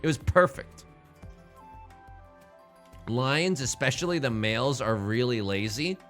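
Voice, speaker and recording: Animated jokey male streamer. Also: mid-range voice, measured pace, faint music behind. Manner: animated, jokey, self-mocking. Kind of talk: casual stream chat.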